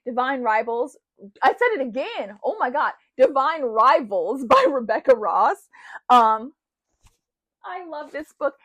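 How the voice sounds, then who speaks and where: A woman enthusiastically reviewing her favorite books, rambling, correcting herself and gushing with praise. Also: mid-range voice. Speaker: book reviewer. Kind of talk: casual book review vlog. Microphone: new desk mic.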